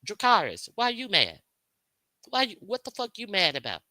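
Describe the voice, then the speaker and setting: Bright-voiced woman ranting angrily. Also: mid-range voice, huge pitch swings, moderate pace, no echo. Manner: confrontational, profane, repetitive. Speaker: livestream host. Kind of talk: heated unscripted rant to viewers.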